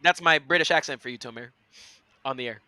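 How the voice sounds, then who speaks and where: A man's voice: medium pitch, bright, forceful tone, no room sound. A man co-hosting a casual sports podcast, teasing the others and laughing often. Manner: joking, teasing, quick to laugh. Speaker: podcast co-host.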